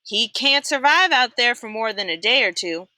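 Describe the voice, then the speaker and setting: A gruff male camp guard gives a hard warning, as a woman reads his lines aloud. The voice stays bright, and the sound is dry and close. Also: a little high, expressive, moderate pace, dry recording, pitched above the performer's own voice. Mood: stern. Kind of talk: read-aloud character voice.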